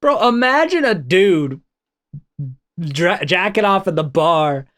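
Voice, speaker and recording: A man hosts a reaction video in loose, chatty commentary. He breaks off to talk to his viewers about subscribing. His voice sits high for a man. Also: very animated, takes it slowly, fairly bright tone.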